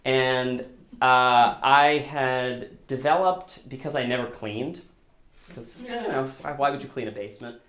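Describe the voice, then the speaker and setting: A man's voice: medium pitch, a little slow, a bit bright, reverberant. A man telling a personal story live, in a casual, self-deprecating way, acting out the dialogue as he goes. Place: small live storytelling venue.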